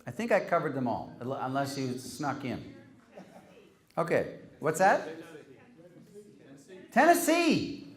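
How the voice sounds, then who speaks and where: A man's voice: mid-range voice, wildly swooping pitch, slow, long pauses. A man hosting an event and handing out humorous awards, teasing the recipients in a wry way and reading Latin quotes aloud. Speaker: host handing out joke awards. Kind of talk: humorous after-dinner award speech.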